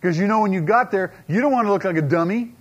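A man preaching a sermon to a congregation, pressing his points with rhetorical questions, dramatic slow-downs and quiet asides. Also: high-pitched, lo-fi sound. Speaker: pastor.

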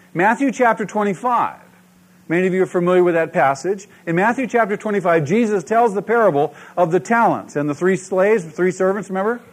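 Male pastor, high voice, lively sermon delivery with call-and-response questions. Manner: animated preaching, asks the congregation questions.

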